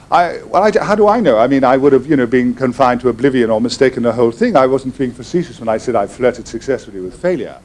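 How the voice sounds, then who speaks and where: A man's voice: medium pitch, darkish tone. An older Englishman, answering audience questions in a wry, theatrical and meandering storytelling manner. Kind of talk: anecdotal audience Q&A.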